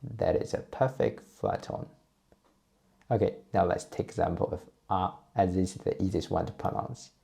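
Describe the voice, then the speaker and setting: Low raspy guy, patiently walking learners through sounds. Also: moderate pace. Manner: patient, steady teaching voice, repeats drill sounds. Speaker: Chinese teacher. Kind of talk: explaining and modeling pronunciation.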